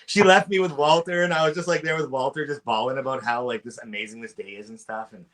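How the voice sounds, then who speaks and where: Regular guy telling cruise stories, mid voice, animated, does the voices of people he quotes. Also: medium pitch, quick pace. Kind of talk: casual storytelling chat.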